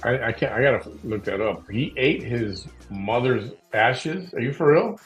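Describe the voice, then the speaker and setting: A man's voice: mid-range voice, expressive, unhurried, faint music behind, rough recording. A man hosting a live stream, reacting to clips with incredulous exclaimed questions.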